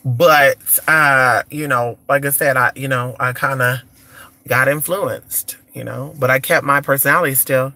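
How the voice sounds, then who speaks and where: This time the California live-streamer sounds mid-range and steady, with a measured pace and a bright, forceful tone in a dry recording. Still flamboyant and sassy, he calls people honey and cheers the chat with repeated "come on," talking into a phone or computer mic.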